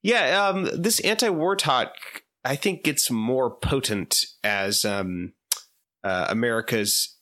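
A man's voice: medium pitch, expressive, takes it slowly, sharp tone. A man co-hosting a podcast in casual chat, rambling with many fillers and giggles. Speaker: podcast co-host.

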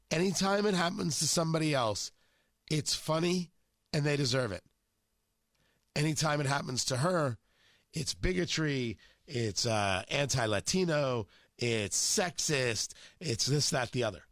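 Emphatic talk host with a sore throat. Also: male voice, a little high, expressive, measured pace, long pauses, fairly bright tone, dry recording, studio quality. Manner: emphatic, mocking, punchy phrasing. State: has a cold and a sore throat. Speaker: radio talk show host. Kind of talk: opinionated political monologue.

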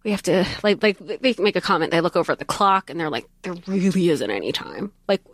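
A woman's voice: on the low side, quick pace, dry recording, clean studio sound. Chatty woman acting out book quotes. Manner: animated, acts out quotes, laughs often. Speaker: podcast co-host. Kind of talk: casual book discussion.

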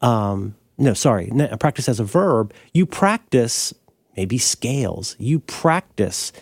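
A man's voice: takes it slowly, vocal fry, husky, dry recording, studio quality. Rambling, self-correcting male podcast host. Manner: rambling, self-correcting, animated pitch jumps. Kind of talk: casual chat.

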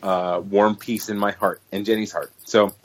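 A young adult man co-hosting a podcast, telling a story in a lively casual chat and swearing freely. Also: on the low side, moderate pace, slight background noise, rough recording. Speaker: podcast co-host.

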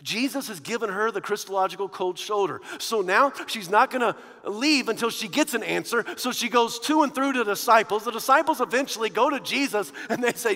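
A man preaching a sermon, animated, shifting from hushed to loud. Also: high-pitched, a little fast, few pauses. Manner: animated, swinging from hushed to loud with quoted voices. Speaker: pastor. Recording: long hall reverb.

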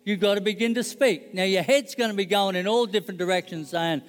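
High-voiced pastor preaching. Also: male voice, quick pace, few pauses, big-room sound, faint music behind. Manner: conversational and joking, checks in with the audience. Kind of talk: sermon.

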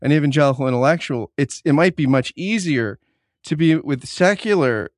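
A man interviewing a guest in a relaxed conversation, thoughtful and halting, with many restarts. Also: on the high side, no echo, clean studio sound.

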